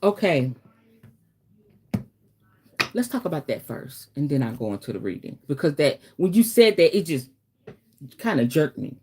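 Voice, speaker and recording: A woman hosting a casual teaching stream, talking straight to her viewers in a chatty way and breaking into dramatic, animated asides. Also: low voice, normal speed, long pauses, breathy edge. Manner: chatty, addresses viewers directly. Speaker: host, spiritual teacher.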